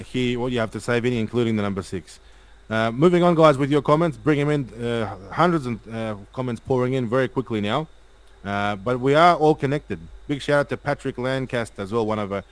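A man's voice: medium pitch, clear, resonant tone, poor audio. Stream host, male, mid-range voice, talks in stacked lists with lots of fillers. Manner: rapid, repetitive listing, hesitant fillers. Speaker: livestream host. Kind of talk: live stream talk.

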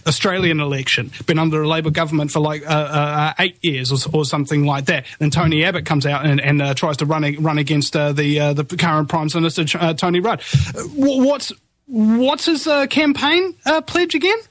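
A man's voice: a little high, steady tone, fast talker, hardly any pauses, fairly bright tone, no echo. A man co-hosting a casual political chat, ranting and swearing. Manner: fired-up, swearing rant. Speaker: podcast co-host.

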